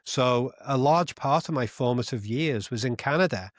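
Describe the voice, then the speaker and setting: A man's voice: medium pitch, normal speed, no room sound, studio quality. A man in his fifties from Britain, a podcast guest in casual conversation who reflects and thinks aloud. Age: 50s.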